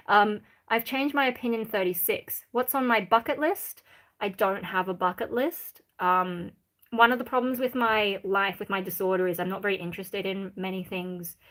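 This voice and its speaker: An Australian woman from Sydney chatting casually on a livestream, reading out viewer comments in a rambling, candid way with many pauses. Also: medium pitch, a bit bright. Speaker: livestream host.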